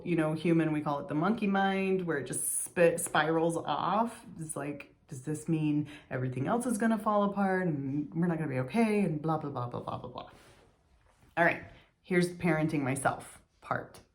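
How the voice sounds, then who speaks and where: Lowish voiced woman in her 40s, thinking out loud, reflective vlog, sighs a bit. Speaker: vlogger. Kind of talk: reflective personal monologue.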